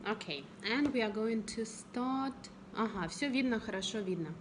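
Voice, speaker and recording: A woman with a Russian accent hosts a live-stream interview as an English teacher. She talks in a lively way and fires quick questions at her guest and viewers. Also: a little high, background noise.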